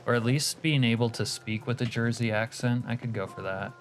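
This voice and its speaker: A man with a mid-range voice live-streams a game, talking a little fast in a steady tone over soft background music. He chats casually with viewers, reads their messages aloud, and mutters asides about the game as he plays.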